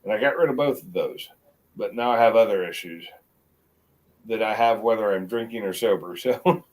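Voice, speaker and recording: A man's voice: fairly low pitch, poor audio. Rambling middle-aged American man. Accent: mixed American. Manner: rambling, halting restarts. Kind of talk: casual chat.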